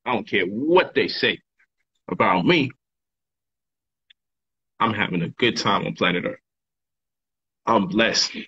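A man's voice: fairly low pitch, expressive, slow pace, long pauses, pushed and bright, husky, lo-fi sound. A man hosting a casual livestream monologue, emphatic and repetitive in his talk, full of slang. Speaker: livestream host and author.

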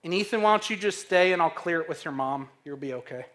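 A man pastor preaching a sermon, slow and emphatic, asking the congregation questions to fill in. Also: a little high, fairly bright tone. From Missouri.

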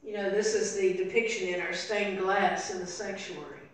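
An older woman preaching a sermon as pastor, telling the story and voicing its people softly. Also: mid-range voice, fairly even intonation, moderate pace. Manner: storytelling, acting out voices softly in quotes. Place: church sanctuary. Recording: very echoey room, voice from far off.

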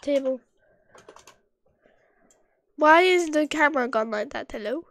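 High-voiced woman muttering through gameplay. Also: expressive, measured pace, fairly bright tone, no room sound. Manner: thinks aloud, muttering and sometimes dropping to a whisper. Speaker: streamer. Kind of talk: casual gameplay commentary.

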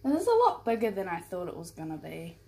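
A woman beauty vlogger talking casually through an unboxing, gushing, excitable and often giggling. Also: on the low side, quick pace, gravelly. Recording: music playing under the voice.

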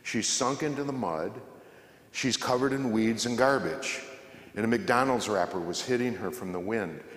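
Man telling a story in an echoey church hall. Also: mid-range voice. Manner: conversational, humorous, acts out the voices in his story. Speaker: guest speaker, former radio host. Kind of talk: storytelling talk to a church audience. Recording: echoey hall with long reverb.

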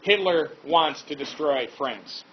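A man's voice: on the high side, slow pace, a little hiss or hum. A man teaching a history lesson in a casual, chatty way, with informal asides and fillers. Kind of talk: casual classroom lecture. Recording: dull lo-fi recording.

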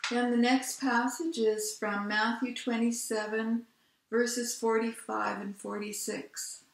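Woman lay reader, careful unhurried Bible reading, slightly high voice, echoey sanctuary. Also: creaky. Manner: slow, careful, even reading. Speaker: scripture reader. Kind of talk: reading scripture aloud in church. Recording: echoey church room.

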